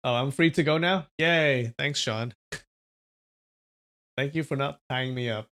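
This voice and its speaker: A man's voice: medium pitch, slow, pushed and bright. Man reading a story on stream. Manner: casual asides to chat between reading.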